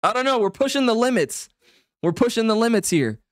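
Excitable young male streamer. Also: very high-pitched, a little fast, no echo, studio quality. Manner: excitable, jokey, mock-dramatic, yelling at chat. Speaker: livestreamer. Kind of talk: live-stream chat and fan fiction reading.

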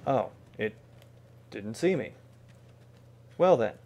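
A man's voice: medium pitch, expressive, takes it slowly, a little mellow. A man streaming a video game, talking to himself in a casual, wry way with joking asides. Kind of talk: casual gameplay commentary.

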